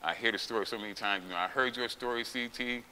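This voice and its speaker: A middle-aged man, a former champion weightlifter, telling his story in a gym with heavy profanity and loud, acted-out outbursts. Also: medium pitch, fast. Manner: profane, emphatic, acts out quotes with loud outbursts. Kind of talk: candid interview storytelling. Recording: long reverb with faint hiss.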